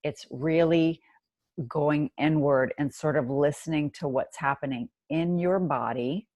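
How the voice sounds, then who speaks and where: A woman hosting a podcast, speaking in a measured, affirming way as she sums up her guest's ideas. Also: deep voice, a little mellow, no echo. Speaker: podcast host. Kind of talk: interview conversation.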